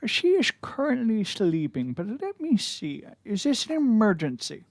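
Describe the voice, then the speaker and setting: A man voicing a frazzled old gnomish male butler, speaking high and politely. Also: huge pitch swings, normal speed, no room sound, exaggerated voice. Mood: flustered.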